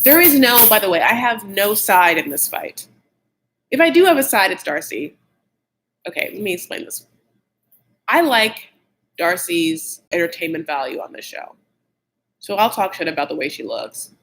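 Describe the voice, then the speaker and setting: A man's voice: big pitch swings, normal speed, long pauses, fairly bright tone, low-quality recording. A man hosting a casual, gossipy recap of a TV show, blunt and opinionated, saying "like" constantly. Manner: catty, blunt and opinionated, heavy use of "like"; shifts pitch often when worked up.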